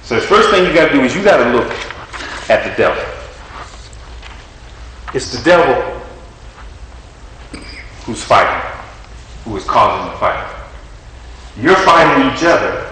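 A man's voice: medium pitch, sing-song, unhurried, pauses often, bright, forceful tone. A man preaching conversationally, telling a story and acting out the quotes. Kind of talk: storytelling sermon. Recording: echoey hall from far off, faint noise.

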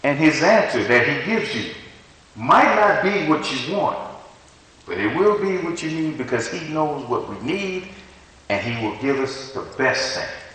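A man's voice: fairly high pitch, very animated, unhurried, fairly bright tone. A man preaching a sermon, talking animatedly and conversationally, often stopping and restarting his sentences. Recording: echoey hall from far off.

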